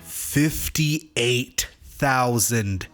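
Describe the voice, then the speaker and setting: A man's voice: medium pitch, drawn-out words, soft background music. A man hosting a comedic album review, ranting with exasperation and a lot of swearing. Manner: exasperated, swearing, deadpan complaints. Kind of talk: profane comedic music review rant.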